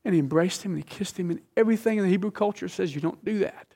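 Racing through his sermon, this man has a high voice with vocal fry. He preaches emphatically, falling from loud phrases into hushed whispers while asking the audience questions like a teacher.

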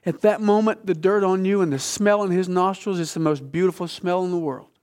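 A man preaching a sermon with emphasis, dropping from loud phrases to hushed whispers and asking the listeners questions like a teacher. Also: high voice, fairly even intonation, a little fast.

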